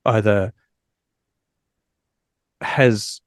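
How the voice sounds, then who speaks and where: A man hosting a podcast, chatting frankly with lots of fillers and restarts while low on energy after an illness. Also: steady tone, extremely slow, no room sound, studio quality. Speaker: podcast host. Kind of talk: casual podcast chat.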